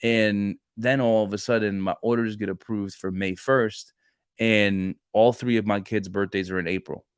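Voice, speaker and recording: A man in his thirties co-hosting a podcast, chatting casually about faith and telling stories with lively acted-out dialogue. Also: on the low side, moderate pace, smooth, dry recording, studio quality. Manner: animated storyteller who acts out dialogue and restarts often. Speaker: podcast co-host. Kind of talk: casual faith chat, storytelling.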